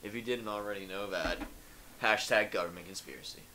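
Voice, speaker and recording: A man's voice: on the low side, fairly quick, background noise. A young man co-hosting a casual podcast chat, crude and joking, laughing often. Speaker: podcast co-host.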